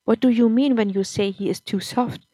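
A woman reading as a hurt, quiet young wife. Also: a little high, moderate pace, slightly rough, dry recording. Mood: shocked, pleading. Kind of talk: audiobook-style story reading.

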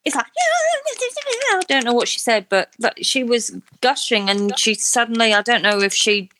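This woman's voice is a little high and steady, at a normal pace, with a noisy background behind her. Co-hosting a podcast, she chats about a reality show in a casual, opinionated, self-deprecating way; she is not from Australia.

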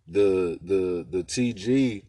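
A man with a low, deep voice spins a casual story in relaxed street slang. He keeps turning to the listener for agreement, and his voice sounds dry and close, with no room echo. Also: slow. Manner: laid-back slangy talk, keeps asking "you know what I'm saying". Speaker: podcast host telling rideshare stories.

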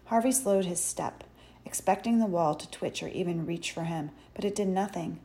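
A woman reading an audiobook chapter in measured, expressive storytelling narration. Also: lowish voice. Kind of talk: scripted narration.

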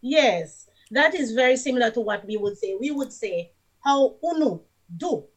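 A woman's voice: on the high side, animated, normal speed. Jamaican woman explaining her dialect. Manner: explanatory, patient, sing-song rhythm. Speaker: guest. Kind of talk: casual language chat.

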